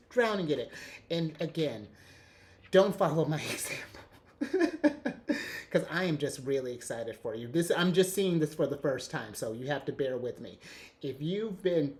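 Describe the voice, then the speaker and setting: A man giving a casual tarot reading, excitable and rambling, often restarting his sentences and laughing. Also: medium pitch. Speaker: tarot reader.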